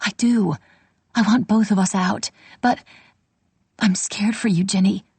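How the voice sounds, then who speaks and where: A woman's voice: medium pitch, fairly even intonation, unhurried, creaky, darkish tone, breathy edge, no room sound, pitched above the performer's own voice, exaggerated voice. A woman voicing Tess, an anxious young woman pleading urgently with her sister.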